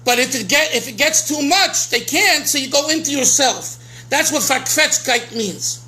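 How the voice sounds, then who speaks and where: A man's voice: extremely high pitch, lively intonation, normal speed, bright, forceful tone, rough recording. A man, a rabbi giving an informal Torah lecture, earnest and emphatic, often restarting his phrases and mixing in Hebrew and Yiddish terms. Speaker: rabbi teaching a class.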